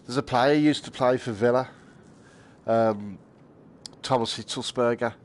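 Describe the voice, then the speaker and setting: A man's voice: medium pitch, unhurried. A man chatting casually to viewers while streaming a game, laughing often and swearing lightly. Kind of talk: casual live-stream chat.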